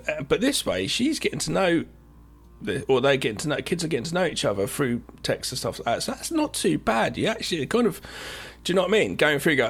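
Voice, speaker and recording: Animated man chatting films. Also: fairly high pitch, quick pace, breathy edge. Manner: animated, swearing, tangents. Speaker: podcast co-host. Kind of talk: casual film chat.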